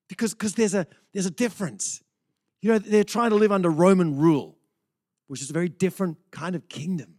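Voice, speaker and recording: A man's voice: high-pitched, darkish tone, no room sound. Brief: middle-aged male pastor, chatty sermon delivery, dry close sound. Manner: conversational preaching with frequent restarts and rhetorical questions.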